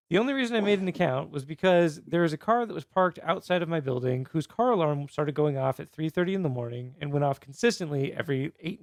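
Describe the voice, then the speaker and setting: Male podcast host, gravelly raised voice, rambling anecdote style. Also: on the high side, no room sound, clean studio sound. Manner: rambling storyteller, heavy use of "like". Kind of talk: casual podcast chat.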